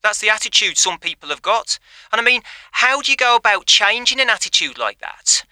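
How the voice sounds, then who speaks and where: A man's voice: sits high, animated, a little fast, bright, forceful tone, no echo. Indignant Birmingham-accented man caller. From Birmingham, England.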